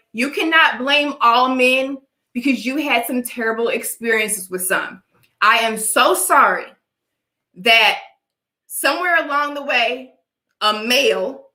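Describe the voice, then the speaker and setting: On a casual livestream, a young adult woman vlogger lectures her live chat about her opinions, frequently checking "all right?" and coughing dryly from allergies. Her voice is a little high with a sharp tone, captured in reverberant, poor audio.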